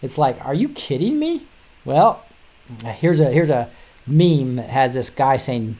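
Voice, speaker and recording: A middle-aged man hosts his own show and talks casually through a stack of news articles. He rambles and restarts his sentences often, breaking into short chuckles as he goes. His voice sits at an ordinary middle pitch. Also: big pitch swings, unhurried, mellow. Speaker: show host.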